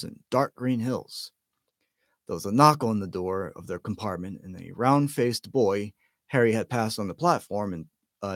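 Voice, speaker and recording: A man reading a storybook aloud in a lively way, with stumbles and self-corrections. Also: medium pitch, no echo, studio quality. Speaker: amateur audiobook reader. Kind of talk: storybook narration.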